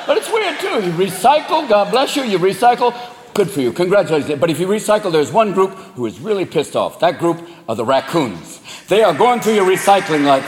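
A male stand-up comedian performing, animated, profane and loud. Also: high-pitched, brisk, background noise. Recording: echoey hall with loud crowd.

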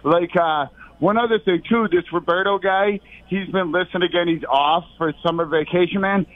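A man's voice: high voice, moderate pace, no echo. A man calling in to a radio show, rambling erratically and sounding out of breath. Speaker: caller. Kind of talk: rambling call-in chat. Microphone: phone. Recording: tinny phone line.

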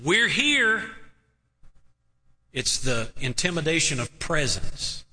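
In a church sanctuary, a man preaches an emphatic sermon, throwing rhetorical questions at his listeners. His voice is a little high, pushed and bright, and the recording carries long hall reverb.

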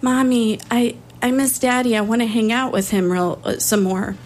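A woman voicing a sad four-year-old girl who misses her father, pleading in a halting, tearful way. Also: on the high side, a little hiss or hum, voice pushed up, lightly acted. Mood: sorrowful.

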